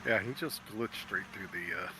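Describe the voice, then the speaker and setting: Low-voiced man over background noise. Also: moderate pace. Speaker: co-player. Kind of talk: casual chat while playing. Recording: noisy background.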